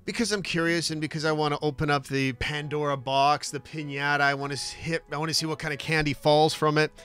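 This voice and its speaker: Bright-voiced talk show host, man. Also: on the high side, fast talker, soft background music. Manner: animated storytelling with laughs. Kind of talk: casual sports talk.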